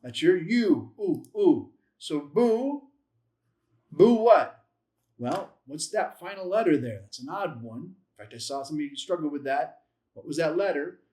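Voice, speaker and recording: A man's voice: a little high, expressive, moderate pace, a little mellow. A man teaching a language lesson, patiently sounding out letters and syllables one at a time, repeating them and correcting himself with light humor. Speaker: Bible Hebrew teacher. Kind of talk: classroom-style language lesson.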